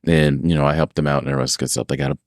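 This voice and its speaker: Deep-voiced man telling work stories. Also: racing, gravelly, dry recording, studio quality. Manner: animated storyteller, acts out customers with big pitch jumps. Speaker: podcast host. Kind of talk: casual storytelling chat.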